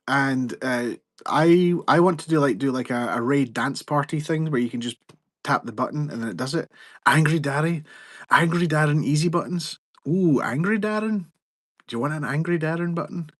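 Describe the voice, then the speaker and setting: A man's voice: on the high side, a little fast, dry recording, clean studio sound. A man hosting a selling live stream, chatting in a rambling, joking way. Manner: rambling, jokey, self-interrupting. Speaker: livestream seller host. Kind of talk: casual live-stream chat.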